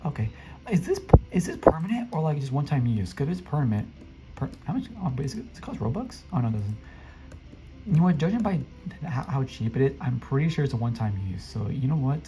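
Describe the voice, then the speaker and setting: A man commenting casually on his gameplay, excitable and flustered, often talking to the other players. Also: mid-range voice, fast talker, poor audio. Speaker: gameplay streamer. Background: faint game music.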